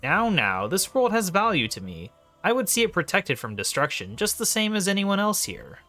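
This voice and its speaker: Scheming mocking god, read out by a gamer, lively and bright. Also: male voice, sits high, normal speed, faint music behind, pitched above the performer's own voice, full character voice. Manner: reads game dialogue in a slightly raised voice. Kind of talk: reading game dialogue aloud.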